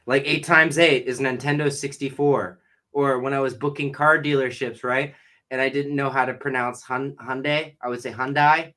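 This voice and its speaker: A man's voice: medium pitch, steady tone, moderate pace, bright, forceful tone. A young man from the Boston area hosting a podcast, chatting casually with a guest, joking and rambling and swearing freely. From Boston area, New England. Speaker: podcast host. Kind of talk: casual chat interview.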